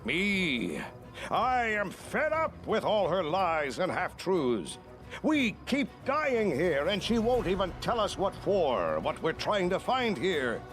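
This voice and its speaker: A mutinous barbarian warrior drawls his contempt very slowly. His voice sits high and swoops widely, with game music faint underneath. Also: huge pitch swings, a bit bright, heavily acted. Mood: scornful. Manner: slow, scornful, swooping delivery.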